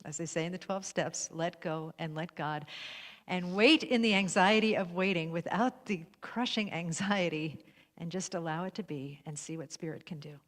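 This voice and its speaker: A woman's voice: lowish voice, normal speed. Laughing spiritual host woman, echoey. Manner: warm, laughs often, affirms a lot. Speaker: livestream host. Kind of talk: spiritual conversation. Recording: long hall reverb.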